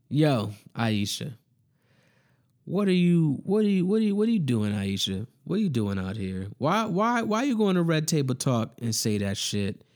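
A man, ranting in a casual monologue. His voice sits a bit high, and his pitch swings widely as he rants, profane and exasperated. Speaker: commentator. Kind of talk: casual rant.

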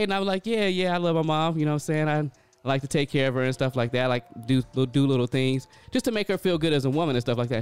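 Chatty man with a smooth voice. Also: a little high, a little fast, no echo. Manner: loose and chatty, full of filler phrases. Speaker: vlogger telling a story. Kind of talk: casual storytelling.

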